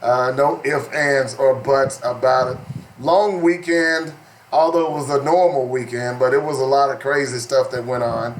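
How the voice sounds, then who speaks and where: A man's voice: mid-range voice, steady tone, normal speed, slight background noise. A man hosting a talk radio show, joking around and laughing often between stories. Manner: joking, laughs often, playful put-on drawl. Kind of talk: casual talk radio banter.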